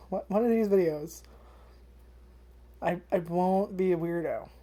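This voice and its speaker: A woman's voice: on the low side, takes it slowly, mellow. A woman vlogger chatting casually about an anime, rambling with lots of fillers and freely swearing. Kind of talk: casual first-impressions chat.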